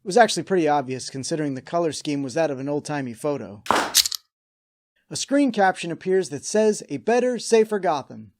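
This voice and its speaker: A male host reads his scripted episode recap and drops in wry, sarcastic asides. His voice sits a bit higher than most men's. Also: lively intonation, brisk, darkish tone.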